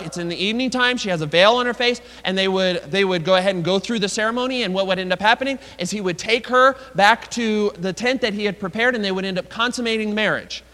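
A man's voice: high-pitched, sharp tone. A man preaching a sermon, retelling a story with asides to the congregation, recorded with long reverb in a large hall.

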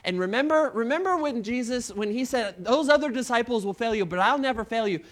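A male pastor preaching a sermon, retelling a story with acted-out quotes and dropping to hushed tones at moving moments. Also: very high voice, animated, fairly quick.

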